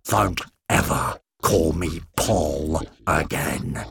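A man voicing a cold, menacing male killer in a storybook reading, speaking slowly and quietly. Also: extremely low pitch, gravelly, background noise, voice pushed down, full character voice. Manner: slow, quiet, threatening.

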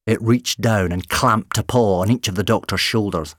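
A man narrating an audiobook with expressive storytelling. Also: lowish voice, moderate pace, hardly any pauses, dry recording. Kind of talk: scripted narration.

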